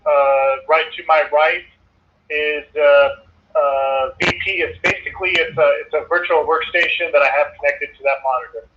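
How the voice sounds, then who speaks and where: A man with a slightly higher voice speaks haltingly and stops often to find his words. He is a client on a call. The sound comes through a thin, tinny phone line. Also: fairly even intonation, slight background noise. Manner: hesitant, many fillers and restarts. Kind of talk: casual chat.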